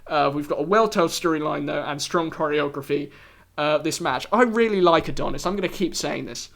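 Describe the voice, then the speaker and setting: Man, podcast host, casual review talk, somewhat high-pitched voice, wry asides, frequent restarts. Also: fairly quick, vocal fry, a bit bright. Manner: chatty, full of fillers and restarts, wry asides.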